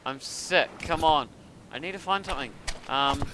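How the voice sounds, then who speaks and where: A man giving casual commentary as he plays a game, excitable and talking to himself, with sudden yelps and laughs. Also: fairly high pitch, moderate pace, noisy background. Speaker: gaming video creator.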